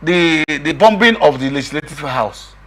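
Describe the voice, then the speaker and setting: A middle-aged man with a husky voice, arguing emphatically as a guest in a political discussion, often repeating himself. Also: a little high, lively intonation, moderate pace, a bit bright. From Nigeria. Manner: emphatic, repeats himself, quotes others in raised voice.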